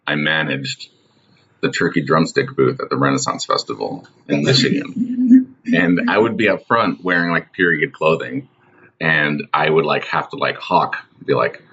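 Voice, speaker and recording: Deep-voiced rambling comedy co-host, a man. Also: big pitch swings, normal speed, pushed and bright, highs cut off. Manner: rambling, full of "like". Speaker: podcast co-host. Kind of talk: casual comedy chat.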